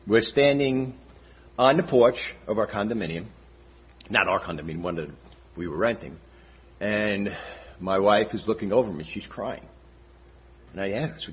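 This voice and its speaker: Older guy telling his church testimony, super raspy voice, keeps asking "all right?", muffled low-fi recording. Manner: conversational, often checks in with "all right?" and "okay?". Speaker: church member giving testimony. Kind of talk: personal testimony. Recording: dull lo-fi recording.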